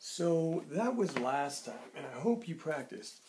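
A man's voice: a little high, big pitch swings, measured pace, a little mellow, a little hiss or hum. A male teacher giving a playful, encouraging phonics lesson to young children. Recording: echoey room.

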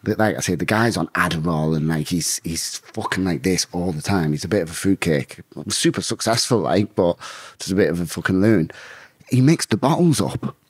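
A man's voice: deep voice, expressive, moderate pace, breathy edge, no room sound, studio quality. A man telling a blunt, rambling story full of swearing in a casual interview. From England. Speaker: guest, bare-knuckle fighter.

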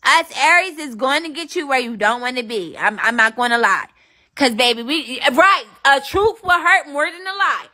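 A woman's voice: high-pitched, lively intonation, moderate pace, sharp tone. A young woman livestreaming, chatting casually with viewers in a brash, profane, trash-talking manner.

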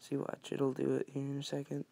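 A man giving a casual screen-recorded game tutorial, talking softly and often near a whisper, rambling with restarts. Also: mid-range voice, monotone, brisk, creaky. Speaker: mobile game modding tutorial maker.

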